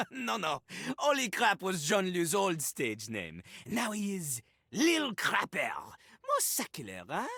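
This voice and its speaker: A man's voice: high-pitched, wildly swooping pitch, takes it slowly, creaky, bright, forceful tone, dry recording, heavily acted. An actor voicing a cocky, boastful male toilet character in a game, rapping in rhyme and hyping himself up.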